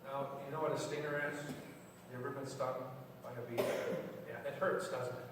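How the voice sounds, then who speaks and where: Pastor heard from far off in an echoey church. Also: male voice, medium pitch, fairly even intonation, fairly quick, heavy background noise. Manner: plain, conversational, asks the children questions. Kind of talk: children's sermon then sermon. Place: church sanctuary.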